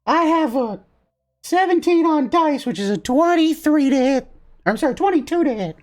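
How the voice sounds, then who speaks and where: A woman voicing a shrill, feisty little gingerbread warrior. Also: moderate pace. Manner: high, excitable, melodramatic. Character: small desperate male gingerbread warrior.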